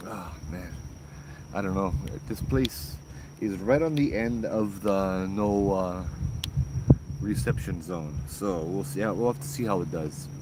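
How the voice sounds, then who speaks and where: A man's voice: deep voice, measured pace. A man hosting a live ghost story stream outdoors at night, chatting casually and greeting viewers by name. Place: outdoors at night in a rural spot. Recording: outdoor night noise, crickets. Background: crickets and insects.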